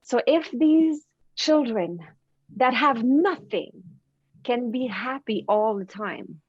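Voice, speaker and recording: A woman from Canada, a guest on a podcast, telling stories in an animated way and often repeating words. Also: a little high, takes it slowly, breathy edge, no room sound. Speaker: podcast guest, confidence coach. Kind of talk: casual interview storytelling. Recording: dry, dull lo-fi sound.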